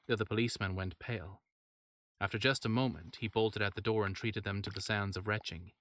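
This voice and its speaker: A man reading a horror story aloud in steady narration, with wry asides. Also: lowish voice, brisk, dry recording.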